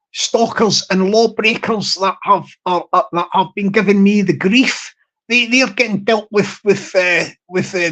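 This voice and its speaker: A man's voice: high-pitched, fairly bright tone, poor audio. A man hosting a live stream. He rambles, repeats himself and restarts often with many fillers.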